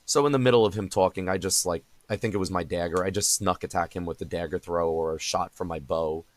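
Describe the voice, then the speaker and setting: A man's voice: deep voice, fast. A young adult man hosting a podcast in casual conversation, rambling with many fillers and restarts. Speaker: podcast host.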